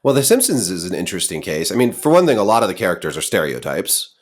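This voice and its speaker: A man's voice: low-pitched, huge pitch swings, fast talker. A man hosting a casual interview, speaking in a thoughtful, hedging way. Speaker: interviewer, host.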